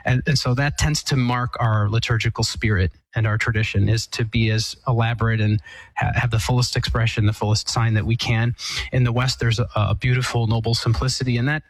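Priest guy explaining things slowly on a call-in show, lots of uh's and restarts, very dry close mic. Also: mid-range voice, fairly even intonation, dry recording, rough recording. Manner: thoughtful, measured, with many fillers and restarts. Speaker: Eastern Catholic priest answering listener questions. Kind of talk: explanatory call-in radio talk.

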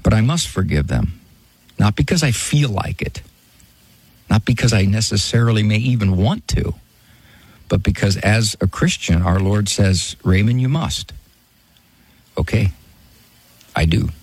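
A man's voice: on the low side, expressive, unhurried, long pauses, a little mellow, slightly rough, dry recording. A middle-aged American man hosting a Christian call-in radio show, folksy and pastoral, repeating the phone number. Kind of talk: casual call-in radio talk.

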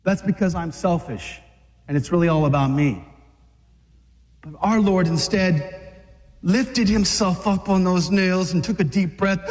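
A man preaching a fervent sermon to men, exhorting them hard and climbing into shouts at the peaks. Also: high-pitched, a little slow, long pauses. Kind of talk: fiery sermon. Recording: long hall reverb.

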